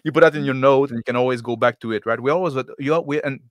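A man's voice: medium pitch, quick pace, no echo, studio quality. A man on a gaming panel in casual chat, explaining at length and ending his points with "right?". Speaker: panelist game master.

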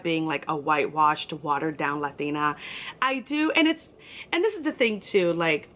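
A woman's voice: fairly low pitch, a bit bright, poor audio. Chatty, profane New York woman podcaster. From New York, USA. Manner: chatty, blunt, profane, filler-heavy. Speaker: podcast host. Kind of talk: casual solo podcast monologue.

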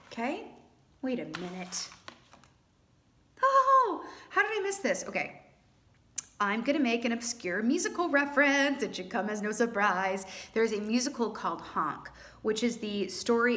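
Woman, tarot reader, casual monologue, chatty, lively pitch swings. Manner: chatty, animated, with playful exclamations.

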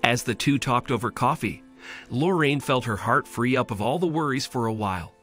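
Male storyteller, steady scripted narration, mid-pitched, light music under. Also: moderate pace. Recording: faint music bed.

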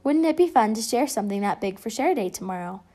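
A woman voicing a kind, patient preschool teacher who speaks in a gentle, coaxing but firm way. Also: a little high, lively intonation, quick pace.

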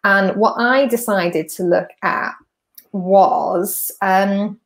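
A chatty woman from North Wales hosts a podcast, talking through a walkthrough at mid pitch. She explains things step by step in an easygoing, conversational way. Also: extremely slow. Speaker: podcast host. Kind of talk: casual explanatory walkthrough of slides.

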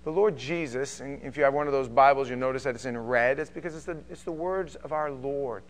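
Animated man preaching a sermon. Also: mid-range voice, fairly quick. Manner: animated, acts out quotes with sudden loud bursts. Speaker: pastor.

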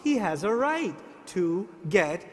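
A middle-aged man preaching a sermon, asking the audience lively rhetorical questions. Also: high voice, slow pace. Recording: long hall reverb.

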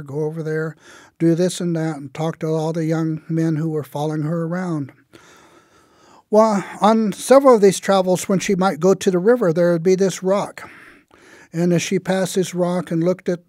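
A man telling a traditional tale in a relaxed, conversational way with frequent fillers. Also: fairly high pitch, no echo, studio quality. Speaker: storyteller. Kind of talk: oral storytelling of a traditional tale.

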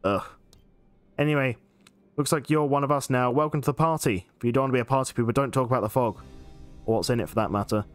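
A man reading out a weary, sardonic male tavern regular from a game in a lowered voice. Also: quick pace, clear, resonant tone, faint music behind, natural voice. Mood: grumbling. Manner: sardonic, grumbling.

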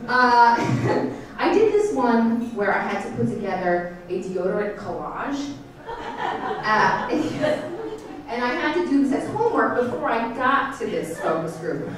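Animated woman comedian in her thirties. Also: slow pace. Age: 30s. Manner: animated, bursting into high shouty bits. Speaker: stand-up comedian. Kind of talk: stand-up set. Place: comedy theater stage. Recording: roomy, distant stage sound with crowd. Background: audience laughter.

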